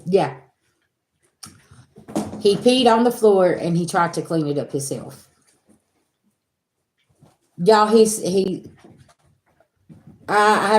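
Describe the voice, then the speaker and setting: A spiritual reader with a medium-pitched voice chats casually with her viewers, animated and venting, cursing freely and calling them y'all. The recording has a roomy echo.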